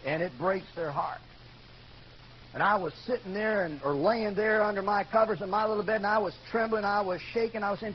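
An older man with a notably high voice delivers a brisk sermon testimony, recounting his own story with earnest feeling. When quoting, he rises into loud shouting. The recording is muffled and dull, with faint hiss beneath it.

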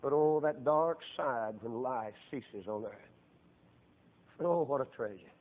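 Middle-aged preacher guy, kinda high voice, fervent sermon that builds loud and slow, tinny phone-like sound. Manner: fervent preaching that swells into loud, drawn-out emphasis.

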